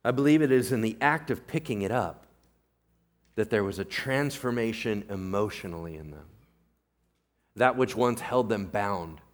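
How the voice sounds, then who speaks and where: A man who is a pastor, preaching a sermon in casual, animated storytelling style, acting out biblical characters in everyday modern voices and often asking the congregation to agree. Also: on the low side, moderate pace.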